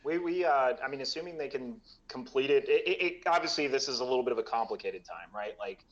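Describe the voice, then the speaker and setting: A man's voice: medium pitch, expressive, fast, highs cut off. An American man chatting as a guest about the event he organizes, with many fillers and restarts. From United States. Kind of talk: casual chat. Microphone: video call.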